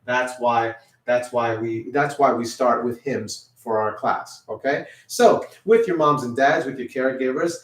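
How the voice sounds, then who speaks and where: A man leading a children's music class, guiding warm-up stretches and often checking in with "okay?". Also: medium pitch, measured pace, few pauses, distant mic. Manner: encouraging, repeats "okay?" often. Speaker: music teacher. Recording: roomy sound from away from the mic.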